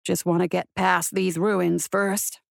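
A woman's voice: lowish voice, level tone, takes it slowly, gravelly, no room sound, pitched below the performer's own voice, heavily acted. A woman voicing a weary male frontier marshal who mutters dryly to himself. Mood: wry. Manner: dry, sardonic muttering.

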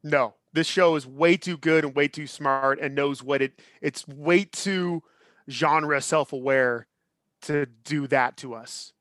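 A man in his thirties co-hosting a podcast, chatting casually in an animated, opinionated way with lots of restarts. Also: a little high, takes it slowly, dry recording, studio quality. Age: 30s. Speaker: podcast co-host. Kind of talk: casual chat.

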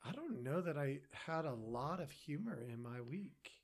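A man's voice: fairly high pitch, sing-song, unhurried. Guy cohost on a podcast, kinda hesitant, voice goes up and down a lot. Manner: hesitant, trailing off mid-sentence. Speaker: podcast co-host. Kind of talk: casual chat.

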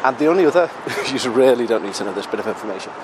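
A man's voice: medium pitch, expressive, rapid-fire, background noise. A British podcast host, a man, chatting casually and self-mockingly while out walking, a little out of breath, with the odd swear word. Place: outdoors on a city street.

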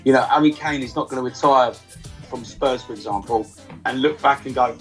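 Lively man telling a story. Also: mid-range voice, a little fast, faint music behind, low-quality recording. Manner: animated storytelling, acts out friends' lines. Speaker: celebrity football fan guest. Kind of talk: casual anecdote.

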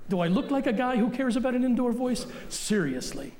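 High-voiced blunt preaching man. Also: big pitch swings, normal speed. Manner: forceful, blunt preaching with repeated punchlines. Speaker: pastor. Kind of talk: sermon. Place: church sanctuary.

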